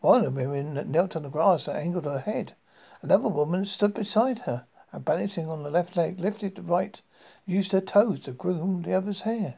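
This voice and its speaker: A narrator reads a first-person story in a halting amateur style, with frequent stumbles and restarts. The voice is gravelly and a little husky. The recording sounds dull and lo-fi. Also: medium pitch.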